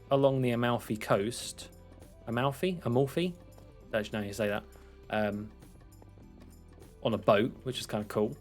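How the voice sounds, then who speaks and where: A young man with an English accent talks in a slightly low voice, rambling casually and poking fun at himself. He chats loosely as he plays, with faint music underneath. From England. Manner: chatty, rambling, self-mocking, laughs often. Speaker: streamer. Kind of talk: casual chat while gaming.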